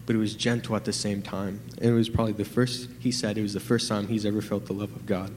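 A young man stands in a church telling his testimony, his voice a little low and shaky with nerves. He rambles excitedly with constant fillers, and the hall rings with long reverb over a faint room hum. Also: quick pace. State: nervous, trembling. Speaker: testimony giver.

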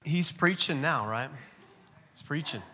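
Male pastor, slightly high and bright tone, casual preaching style, long hall reverb. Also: expressive, unhurried. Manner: casual, joking with the congregation. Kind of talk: sermon.

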